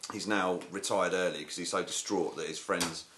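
A man's voice: deep voice, steady tone, moderate pace, fairly bright tone, slight background noise. A man telling stories in a dry, sardonic way during a casual podcast chat. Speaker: podcast co-host.

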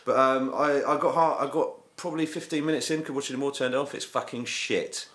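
A man's voice: mid-range voice, fairly even intonation, brisk, fairly bright tone. A man chatting casually on a podcast, laid-back, swearing and trailing off with ums. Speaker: podcast co-host. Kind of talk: casual chat.

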